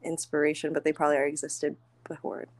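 A woman's voice: deep voice, flat delivery, very fast. A woman co-hosting a casual podcast, rambling and giggling, with lots of "like" fillers. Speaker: podcast co-host.

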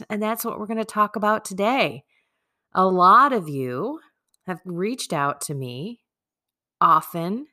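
A woman's voice: fairly low pitch, pushed and bright. A woman hosting a podcast with a stuffy nose and a phlegmy voice, chatting in a rambling, self-deprecating way about prayer practice. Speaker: podcast host. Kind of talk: casual spiritual talk. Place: home room.

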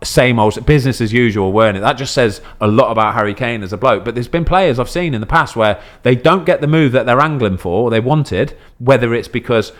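A man hosting a casual podcast, speaking at a middle pitch. He tells stories with animation, drawing listeners in with "you know what I mean" and "right?". The chat is relaxed and conversational. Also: brisk, few pauses. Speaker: podcast host, professional footballer.

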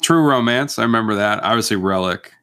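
A man co-hosting a podcast, chatting casually about movies in a quick, teasing way. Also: on the low side, sharp tone, a little hiss or hum. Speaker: podcast co-host.

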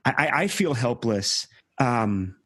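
Halting, earnest man with a husky voice. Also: mid-range voice, sing-song, fairly bright tone, no room sound, clean studio sound. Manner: halting, many restarts, earnest. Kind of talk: reflective conversation.

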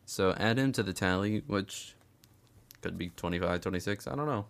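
Gravelly, sarcastic man narrating a recap. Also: low-pitched, normal speed. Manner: sarcastic, swears a lot, chuckles often. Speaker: recap commentator. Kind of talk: casual profane recap commentary.

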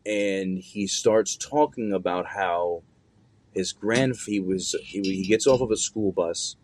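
A man's voice: deep voice, takes it slowly, darkish tone, no room sound. A young man telling a personal story in a loose, conversational way, with plenty of fillers and slang.

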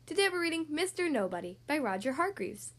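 A woman hosting a podcast who reads picture books aloud to young children, with gentle, expressive storytelling. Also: high-pitched, a little fast. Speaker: podcast host reading to kids.

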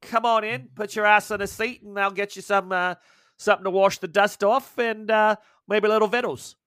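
A man voicing a brash, friendly female Australian barmaid with a put-on Australian accent, loud and teasing. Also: high-pitched, steady tone, brisk, clean tone, no echo, clean studio sound, voice pushed up. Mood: welcoming.

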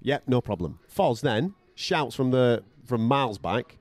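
A man's voice: mid-range voice, animated, unhurried, a little mellow, no echo. A male podcast co-host and radio boxing commentator telling a story in casual chat, blunt and profane, acting out other people's voices as he goes.

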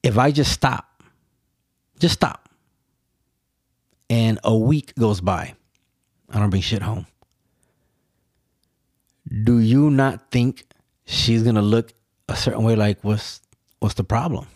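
A man's voice: fairly low pitch, slow, long pauses, darkish tone, dry recording, studio quality. A man hosting a casual solo podcast, rambling and swearing as he poses rhetorical questions to himself. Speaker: podcast host.

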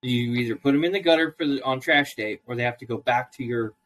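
A man's voice: medium pitch, quick pace, fairly bright tone. A man on a casual podcast, ranting in a profane, storytelling way. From Idaho, US. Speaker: co-host.

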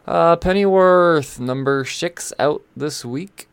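A man of average pitch talks casually through a list of new releases. He rambles, stalls and swears under his breath as he loses his place. The sound is close and dry, with no room echo. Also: animated, a little slow. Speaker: comic book shop host.

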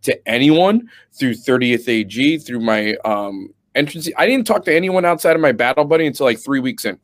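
A man's voice: mid-range voice, normal speed, no room sound. A young adult man from Connecticut, an Army veteran and guest, telling his stories in casual, profane podcast chat. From New Britain, Connecticut. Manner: profane, animated storyteller.

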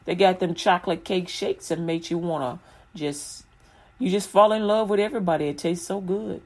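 A woman's voice: on the low side, moderate pace. A woman from Chicago in casual chat about faith, rambling and colloquial, breaking into frequent laughter.

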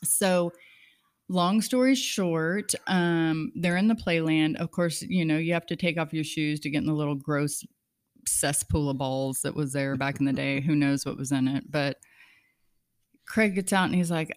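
A middle-aged woman with a low-pitched voice hosts a casual podcast chat. She tells family stories with animated energy, acting out what everyone said. The recording is dry and close. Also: normal speed, no echo. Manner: animated storyteller acting out quotes. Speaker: podcast host.

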